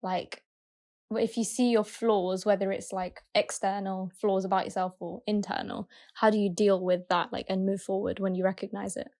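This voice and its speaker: A woman's voice: mid-range voice, little pitch movement, moderate pace, creaky, a little mellow. A woman co-hosting a podcast, talking in an earnest, rambling way and searching for her words. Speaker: podcast co-host. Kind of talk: casual chat.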